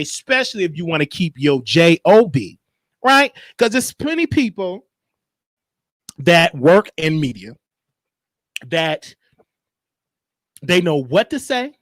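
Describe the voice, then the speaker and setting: A man hosting a show, telling a story and giving commentary in an animated, preachy way. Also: high voice, no echo. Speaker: show host. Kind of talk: casual commentary monologue.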